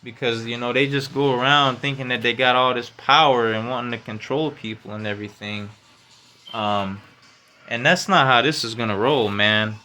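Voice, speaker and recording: A man hosting a casual solo podcast, talking in slangy, profane speech full of "you know" and "man", and getting loud and high when worked up. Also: normal speed. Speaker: podcast host.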